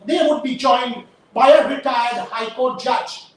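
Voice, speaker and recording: A woman's voice: fairly high pitch, measured pace. A woman host giving impassioned live commentary, emphatic and rhetorical, firing pointed questions. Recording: very echoey, distant mic.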